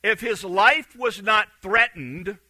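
A man preaching with a bright, high-pitched voice that cuts through. He is animated and acts out the quotes, going loud one moment and hushed the next. The sound is dry and close. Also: slow pace, dry recording, poor audio. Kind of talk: sermon.

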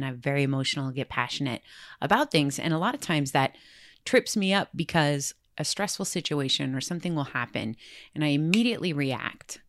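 A woman hosting a podcast, talking earnestly and reflectively about handling stress, growing quicker when she gets worked up. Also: low-pitched, no room sound, clean studio sound. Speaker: podcast host. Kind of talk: casual self-help talk.

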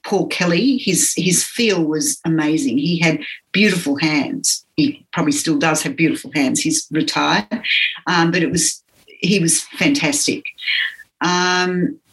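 An older Australian woman with an accent from home, reflecting on her teaching career in an earnest, halting way with many pauses. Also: low voice, rough recording. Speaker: interviewee, physiotherapy teacher. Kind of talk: reflective interview talk.

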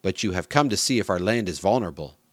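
A man's voice: low voice, expressive, fast, no echo. A man reading the lines of a stern, powerful male ruler who speaks harshly and gives commands.

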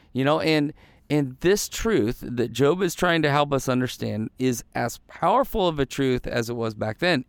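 A man's voice: medium pitch, clear, resonant tone, dry recording. A man hosting a devotional podcast, talking in an earnest, rambling way with frequent restarts and repeats. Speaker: podcast host and pastor. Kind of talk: casual devotional podcast talk.

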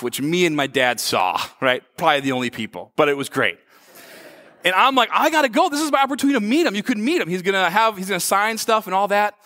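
A man in his thirties preaching a sermon, telling stories with lively, acted-out shouts. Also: high-pitched. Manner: animated storytelling, acts out his own shouts. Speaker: pastor. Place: church hall. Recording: long hall reverb.

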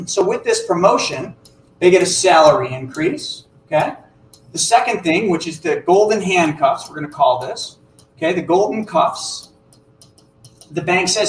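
A man giving an explanatory talk about money to an audience, acting out little dialogues in an animated way. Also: high-pitched, a little slow, reverberant, slight background noise, low-quality recording. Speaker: financial educator.

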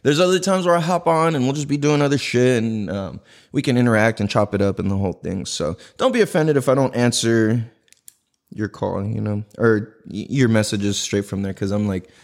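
A man hosting his own podcast at home, talking casually to the mic in a slangy, profane, animated way. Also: mid-range voice, normal speed, vocal fry. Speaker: podcast host. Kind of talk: casual solo podcast monologue. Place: indoors in a house. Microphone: podcast mic with cameras recording.

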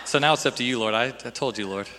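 A young man preaching a sermon in a church hall, animated and acting out Bible scenes in voices. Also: mid-range voice, quick pace, a little hiss or hum. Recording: long hall reverb.

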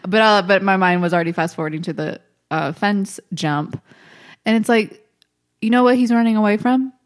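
A woman's voice: medium pitch, normal speed. A woman co-hosting a casual chat, retelling events animatedly and acting out quoted dialogue.

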